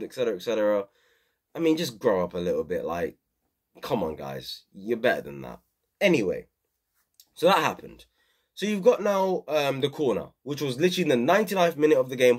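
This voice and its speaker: Young male vlogger, casual football chat, opinionated and rambling, plenty of ums. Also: fairly high pitch. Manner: rambling, opinionated, many fillers. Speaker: football channel host. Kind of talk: casual football review vlog.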